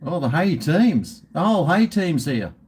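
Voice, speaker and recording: Slow-talking Australian man chatting to viewers. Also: on the high side, very animated, darkish tone, slightly rough. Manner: rambling, swearing, jokey banter. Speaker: live-stream host. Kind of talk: casual chat to live viewers.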